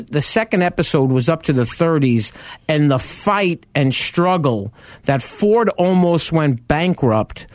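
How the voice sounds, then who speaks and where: A man's voice: a little high, no room sound. A man co-hosting a radio show, telling car history in casual chat with enthusiasm. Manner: animated storyteller, tells car history with enthusiasm.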